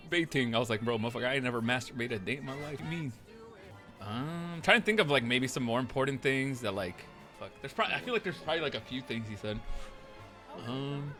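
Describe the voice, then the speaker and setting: A man with a bright, forceful voice recounts events from a roleplay game in a loose, in-character way. He swears freely and acts out everyone's lines. Faint music plays underneath. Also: mid-range voice. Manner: rambling, profane, acts out quotes. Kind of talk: casual in-character storytelling.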